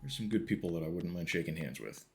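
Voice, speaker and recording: Very deep-voiced man streaming a game. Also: fast, creaky. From American Midwest. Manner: relaxed, wry, muttering to himself between remarks. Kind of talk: casual gameplay commentary chatting with viewers.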